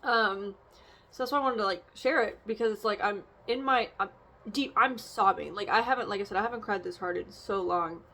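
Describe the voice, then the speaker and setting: A woman's voice: mid-range voice, a little fast, pushed and bright. A young woman casually talking through an oracle card reading and her feelings, rambling, with frequent fillers and restarts. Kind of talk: casual reflective vlog.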